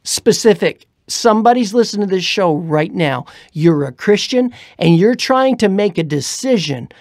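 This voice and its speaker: A woman preaching on a radio show, fervent and exhorting, often dropping to a hushed whisper. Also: mid-range voice, lively intonation, normal speed, dry recording, studio quality. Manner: fervent, swings between loud urging and hushed whispers.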